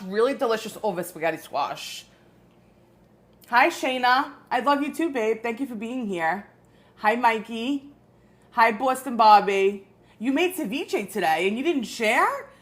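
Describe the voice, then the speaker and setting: A woman's voice: on the high side, fairly bright tone. Chatty woman hosting a live cooking stream. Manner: chatty, greets viewers, rambling asides. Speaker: cooking show host.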